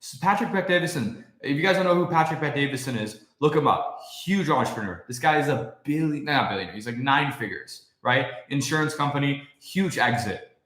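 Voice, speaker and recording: A man's voice: medium pitch, lively intonation, fairly quick, a bit bright. A young man livestreaming, ranting casually and profanely while answering his chat. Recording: echoey room.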